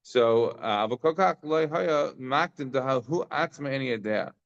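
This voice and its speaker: Man teaching Talmud in a loose, halting style. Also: mid-range voice, lively intonation, lo-fi sound. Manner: informal, explaining with frequent fillers and restarts. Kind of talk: daily Talmud class.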